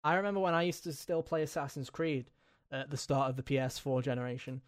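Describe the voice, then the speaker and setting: A man hosting a casual gaming podcast, talking in an animated, jokey way and riffing with friends. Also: mid-range voice, fast. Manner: animated, jokey, mimics silly voices. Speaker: podcast host. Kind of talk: casual chat.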